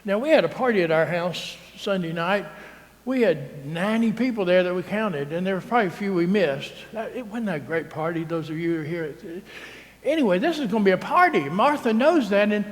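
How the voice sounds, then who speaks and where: A male priest preaches in a chatty, teasing manner and keeps checking in with the congregation. His voice sits fairly high. It rings with the long reverb of a church. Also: expressive, fairly quick. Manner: conversational, teasing, keeps asking "right?". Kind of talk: sermon. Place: church sanctuary.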